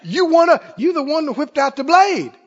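A man's voice: very high-pitched, very animated, moderate pace, voice pushed up. A man preaching, voicing a male bystander who jabs out accusations, on a dull recording in an echoey hall. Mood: accusing. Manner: jabbing accusations.

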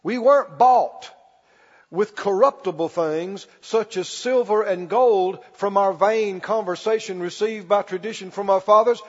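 A man preaching a sermon as pastor, stretching key words slowly and calling for the congregation to respond. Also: high-pitched. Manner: preaching with call-and-response, slow emphatic stretches. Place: church. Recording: muffled recording in a reverberant church hall.

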